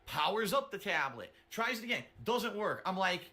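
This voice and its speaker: Man, high bright voice, animated, rambling, swears while recounting a story. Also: normal speed, creaky. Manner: rambling, profane, flustered retelling. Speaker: streamer telling a story. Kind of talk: rambling anecdote.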